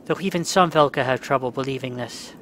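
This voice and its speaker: A let's play gamer with a medium-pitched, fairly bright voice talks fairly quickly over a slight hiss or hum. Playing a story game, he reads every character's lines in his own voice and swears angrily whenever the controls glitch.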